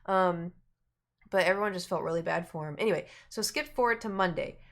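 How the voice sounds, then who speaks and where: Speaking briskly in a fairly bright tone, a woman streamer rambles casually through a lengthy story. She's chatty throughout and performs the quoted characters in a higher pitch.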